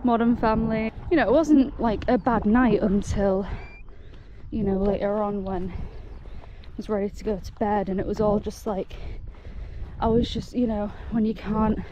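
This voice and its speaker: Out on the moors, a woman hiking alone films herself chatting casually, panting, effusive and quick to laugh. Her mid-range voice keeps a fairly even intonation and an unhurried pace, though the audio is dull and the background noisy.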